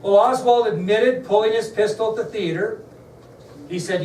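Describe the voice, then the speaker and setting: A man's voice: high-pitched, a little fast, darkish tone. A man teaching a history lesson to a class, telling the story in a conversational way and putting questions to his students. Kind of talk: classroom lecture. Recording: echoey room, mic far off, faint background noise.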